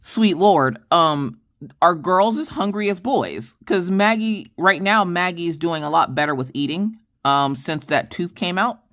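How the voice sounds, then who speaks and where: A middle-aged woman hosting a casual chat vlog, telling stories to her viewers in an animated, exasperated way. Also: lowish voice, a little slow. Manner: animated, exasperated storytelling addressing viewers as y'all. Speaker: crafting vlog host.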